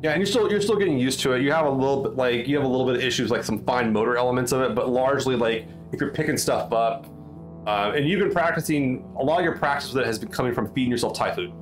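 A man's voice: medium pitch, fast, soft background music. A man narrating a tabletop game as game master in a casual, rambling way with lots of fillers.

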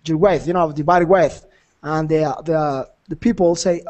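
A man's voice: a little high, steady tone, fairly quick, a little mellow. A man teaching an English conversation class, encouraging and repetitive, laughing often.

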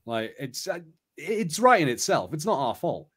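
A man's voice: on the high side, very animated, normal speed, fairly bright tone, breathy edge. A man hosting a live play-along stream, chatty and rambling, reading an adventure book aloud. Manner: chatty, rambling, many fillers.

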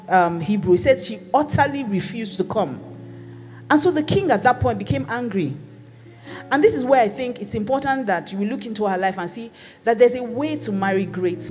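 A woman's voice: medium pitch, darkish tone. A woman pastor preaching a sermon in a conversational, playful teaching manner. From Nigeria. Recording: long hall reverb with faint music.

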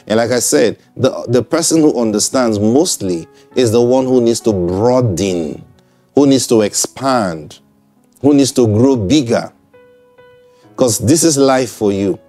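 A man's voice: mid-range voice, lively intonation, measured pace, mellow, faint music behind. A man preaching in a broadcast sermon. He speaks conversationally, repeats himself and checks in with listeners.

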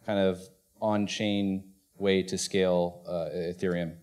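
A man moderating a conference panel, with brief, relaxed questions. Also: low-pitched, takes it slowly, clear, resonant tone.

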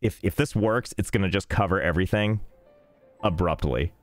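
Faint game music sits under this low-pitched male voice, which moves at a moderate pace. The man is live-streaming a game and chatting in a relaxed, self-deprecating way while technical trouble gets in his way.

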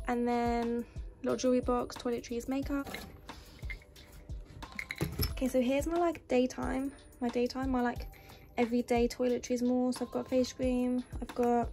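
Young woman, casual room-tour vlogger, even delivery, music bed behind. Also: fairly high pitch. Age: young adult. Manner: chatty, listing items as she goes. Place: student bedroom in university housing. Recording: music playing under the voice.

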